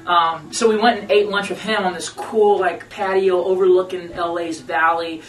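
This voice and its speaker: A man, a band member, telling a story to radio hosts in a lively, slangy storytelling manner. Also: high-pitched, moderate pace. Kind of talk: casual storytelling interview. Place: radio station conference room. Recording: roomy room, mic at a distance, faint noise.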